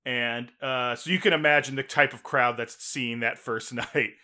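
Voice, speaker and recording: A man co-hosting a podcast, chatting casually and acting out scenes loudly as he tells stories. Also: mid-range voice, normal speed. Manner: animated storyteller, loud when acting out scenes. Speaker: podcast co-host. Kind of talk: casual chat.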